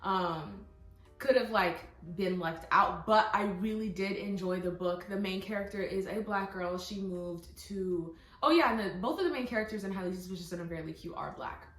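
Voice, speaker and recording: A young woman chats excitedly about books she loved, gushing and tossing in quick asides and fillers. Her voice sits at an ordinary pitch for a woman. The room rings with noticeable echo, and faint music plays behind her. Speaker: book vlogger. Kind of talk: casual book review chat.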